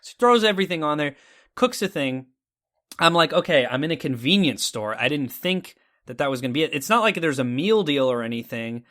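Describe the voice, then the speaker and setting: A man's voice: on the high side, big pitch swings, a little fast, a bit bright. A man from Texas co-hosting a casual talk show, telling a story animatedly and acting out his own reactions. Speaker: podcast co-host.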